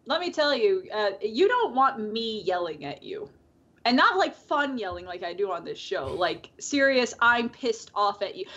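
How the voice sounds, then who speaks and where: Higher-voiced woman on a podcast, lots of uhs and laughs, muffled call audio. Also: fairly bright tone. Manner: laughs often, rambling with many fillers. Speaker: podcast co-host. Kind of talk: casual chat.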